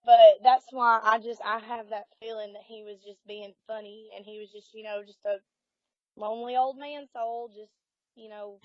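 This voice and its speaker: A woman with a Southern US accent, a paranormal investigator telling her experiences casually in an interview, animated and acting out quotes. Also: on the high side, normal speed, no echo. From Alabama. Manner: animated storyteller, acts out quotes. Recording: dull lo-fi audio.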